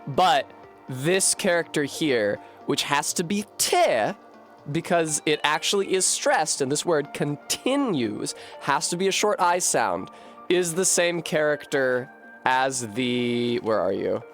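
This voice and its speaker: A man streaming a game, thinking out loud in a rambling way, swearing freely and running himself down. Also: fairly high pitch, sing-song, slow, faint music behind. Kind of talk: casual live-stream commentary.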